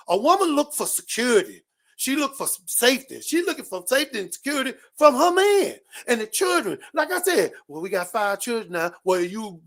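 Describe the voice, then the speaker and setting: A man hosting a show, giving a loud, profane comedic rant full of repeated catchphrases. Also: very high voice. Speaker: show host.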